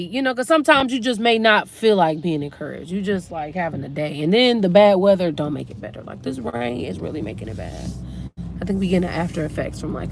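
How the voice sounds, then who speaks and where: A woman's voice: medium pitch, a little hiss or hum. A woman on a casual live stream, subdued and emotional, holding back tears as she talks herself up, speaking into a handheld phone in a parked car. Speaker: vlogger hosting a live stream.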